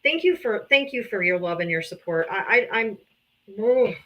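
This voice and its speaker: The recording is muffled, but the woman's mid-range voice comes across animated at a moderate pace. Hosting a casual livestream with her streaming setup, she reads donations and thanks supporters, grateful and emotional, sometimes with a laugh or sigh.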